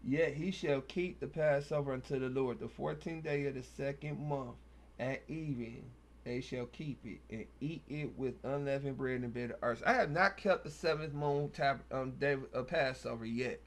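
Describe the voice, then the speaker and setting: Speaking at normal speed in a mid-pitched voice, the Bible study host recites scripture and follows each passage with relaxed, slang-filled remarks.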